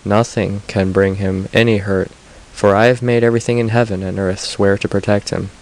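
A man's voice: lowish voice, fairly even intonation, moderate pace, darkish tone, natural voice, low-quality recording. A man reading a proud, assured goddess mother. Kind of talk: audiobook reading.

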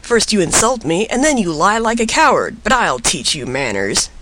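A hot-tempered storybook traveler, acted by a man, bursts out in indignant shouts. His voice lifts high and swings wide with outrage. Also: sing-song, moderate pace, a little hiss or hum, full character voice, poor audio. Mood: furious.

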